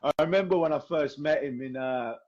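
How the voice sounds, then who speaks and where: Hoarse young male podcast host, laddish banter, slightly high voice, dull lo-fi call audio. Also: brisk, a little mellow. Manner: laddish, swearing, laughing. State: hoarse, tired voice. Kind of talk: casual chat over a video call. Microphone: video call.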